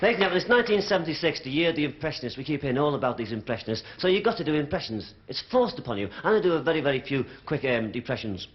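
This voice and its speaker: Heard through dull 1970s TV broadcast sound with roaring laughter, a Liverpudlian comic chats cheekily with a live theatre audience. His slightly high voice is very animated and rapid-fire, with few pauses, over slight background noise.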